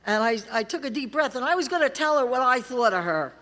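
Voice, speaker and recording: A woman's voice: sits high, expressive, quick pace, a bit bright. A woman from California telling her recovery story to a convention audience, blunt and wry, acting out the voices of people she quotes. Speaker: recovery meeting speaker. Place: large convention hall. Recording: reverberant convention hall.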